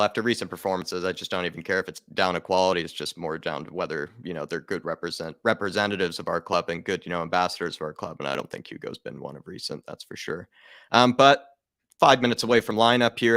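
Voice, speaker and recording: Fast-talking Irish man hosting a live stream. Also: low-pitched, a bit bright, smooth, dry recording. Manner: fast, chatty, laughs easily. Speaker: host. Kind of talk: live fan stream chat.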